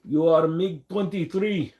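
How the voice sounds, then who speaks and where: Man doing a quick jokey mock-Russian pilot, boastful and broad. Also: on the high side, steady tone, mellow, voice pushed up, natural voice.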